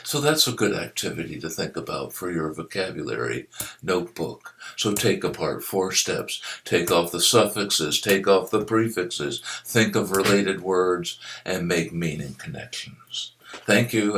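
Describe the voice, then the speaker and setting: An older man explaining a vocabulary activity to students and teachers in a slow, deliberate teaching manner, spelling out letters as he goes. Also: low voice, a bit bright. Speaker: literacy educator. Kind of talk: instructional video narration.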